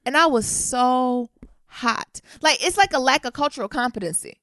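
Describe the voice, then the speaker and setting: Brief: woman podcast co-host, fired-up profane storyteller, higher voice that swoops, dry close sound. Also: normal speed, no echo. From Detroit. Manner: indignant, profane, animated storyteller. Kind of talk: casual storytelling chat.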